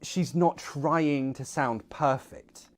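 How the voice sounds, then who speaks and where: A man's voice: mid-range voice, slow pace, soft background music. A young man, an English teacher and dialect coach, presenting an explainer video in an upbeat way.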